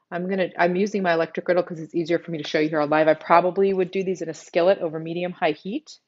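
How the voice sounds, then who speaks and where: Texan woman, cooking show host, chatty and thinking aloud, home kitchen, muffled live-stream audio. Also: sits low. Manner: casual, chatty, thinks aloud while working.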